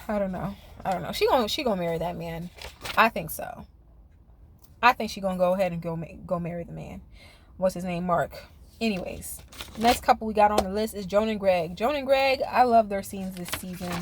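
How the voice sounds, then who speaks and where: A woman's voice: medium pitch, a little fast, a little hiss or hum. Sassy woman chatting a TV recap. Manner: chatty, sassy, talks straight to the viewer. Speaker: reality TV reviewer. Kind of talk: casual recap commentary.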